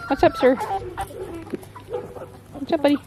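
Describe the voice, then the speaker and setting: A woman's voice: high voice, fairly even intonation, a little slow, crowd noise. A woman vlogging on her farm, patiently giving her small son short repeated instructions as she shows him how to feed the chickens. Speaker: homestead vlogger and mother. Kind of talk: casual instructions to her child. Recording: outdoor camera audio with clear farm noise. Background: chickens clucking.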